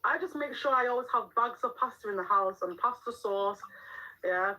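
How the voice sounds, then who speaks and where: A woman's voice: fairly high pitch, normal speed, bright, forceful tone, rough recording. A middle-aged woman, chatting frankly on a live stream as a mum, laughing often and answering the chat. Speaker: livestream host and mum. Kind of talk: casual live-stream chat reading viewer comments.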